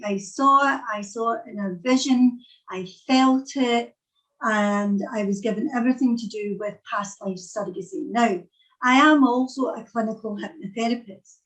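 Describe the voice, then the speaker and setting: A woman's voice: fairly high pitch, rough recording. A middle-aged woman with a Scottish accent, giving an earnest talk over a video call and repeating phrases as she searches for words. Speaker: psychic speaker.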